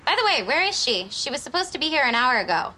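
A woman's voice: high-pitched, very animated, fast, bright, forceful tone, exaggerated voice. An actress playing a prim, bossy young businesswoman in a sitcom, exasperated and commanding. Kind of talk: sitcom acting.

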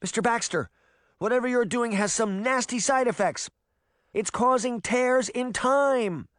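A man's voice: very high voice, unhurried, a bit bright, no echo, clean studio sound, voice pushed up. A man voicing a worried young girl, speaking urgently in a raised voice.

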